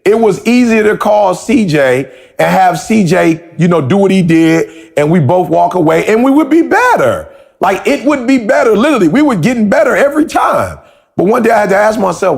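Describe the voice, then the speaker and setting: A man's voice: sits high, big pitch swings, a little fast, vocal fry. A man hosting a motivational conversation, telling stories with emphatic repeated questions. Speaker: podcast host.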